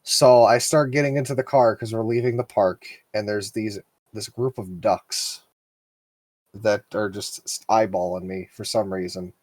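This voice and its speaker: A man's voice: fairly low pitch, fairly even intonation, normal speed, a little mellow, no room sound. A young man co-hosting a podcast, telling a rambling story in casual chat and laughing often. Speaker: podcast co-host.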